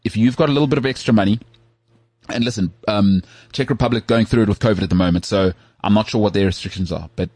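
A man co-hosting a podcast, telling stories in an animated, emphatic way during casual chat. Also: lowish voice, fast talker, dry recording. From South Africa. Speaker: podcast co-host.

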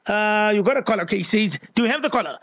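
A man's voice: high-pitched, animated, racing, a bit bright. A man hosting a live radio call-in show, playful and coaxing, stretching words for emphasis. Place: radio studio.

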